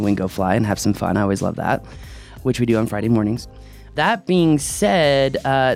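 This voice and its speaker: A man's voice: mid-range voice, smooth. A man hosting a drone talk show in casual chat, opinionated and joking. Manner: chatty, opinionated, joking asides. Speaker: podcast host.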